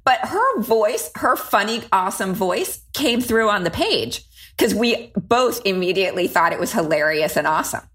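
A woman co-hosting a podcast in casual chat, enthusiastic and quick to giggle. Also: medium pitch, lively intonation, fairly bright tone. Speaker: podcast co-host.

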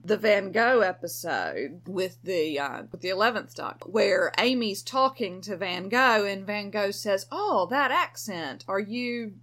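Slow, wry woman. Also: mid-range voice, a bit bright. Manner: blunt and wry. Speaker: podcast co-host. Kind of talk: casual chat.

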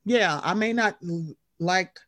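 A woman co-hosting a casual chat about reality TV, animated and acting out quoted lines in put-on voices. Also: slow. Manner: animated, acts out quoted voices with big pitch jumps. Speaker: podcast co-host.

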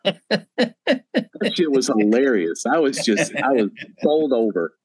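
A man's voice: medium pitch, slow pace, breathy edge. A middle-aged man telling a story as a podcast guest, acting out quotes with gusto. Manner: animated storyteller, acts out quotes loudly. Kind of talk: casual chat, storytelling.

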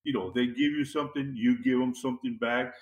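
A man's voice: medium pitch, steady tone, fairly quick. Rambling man in a roomy room. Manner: rambling, conversational, many fillers and restarts. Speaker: interview guest. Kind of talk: casual storytelling. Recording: roomy echo.

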